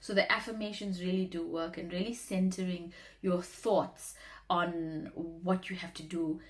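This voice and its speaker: A woman's voice: on the low side, fairly even intonation, measured pace. A woman, a former radio talk show host, giving earnest, encouraging advice in a motivational vlog, often repeating words for emphasis.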